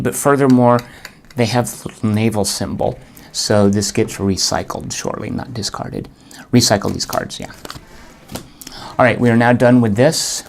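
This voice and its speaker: Low-voiced man muttering through a board game. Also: moderate pace, gravelly, a little hiss or hum. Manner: muttering to himself, thinking aloud, groans at bad rolls. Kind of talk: solo board game playthrough commentary.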